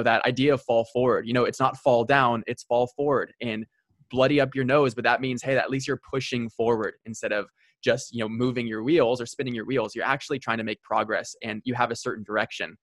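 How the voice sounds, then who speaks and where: A male podcast host in casual interview chat, enthusiastic and full of "you know". His voice is recorded close and dry, at a middle pitch. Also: steady tone, a little fast, no room sound.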